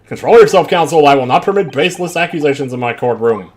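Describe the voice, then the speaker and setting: A man's voice: fairly high pitch, animated, fast, slight background noise, pitched above the performer's own voice, natural voice. A man voicing a stern older male judge who speaks in a formal, commanding way.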